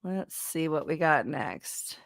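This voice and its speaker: A woman's voice: low-pitched, lively intonation, slow, vocal fry, no room sound, clean studio sound. Sarcastic woman co-hosting a news show. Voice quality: sarcastic, jokey, trails off when searching. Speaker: co-host of a news talk show. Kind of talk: casual news commentary.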